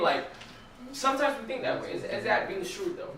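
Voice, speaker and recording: A man's voice: high voice, lively intonation, fairly quick, crowd noise. A young man giving a casual Bible study talk at church, chatty and asking the group questions. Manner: conversational, asks the room questions. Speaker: church teacher. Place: church hall. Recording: echoey room, mic far off.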